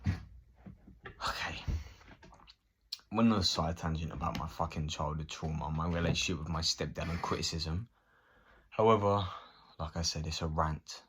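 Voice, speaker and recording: A man's voice: very deep voice, brisk, a bit bright, slight background noise. A man in his thirties ranting casually to camera, swearing and acting out both sides of conversations. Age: 30s. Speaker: vlogger.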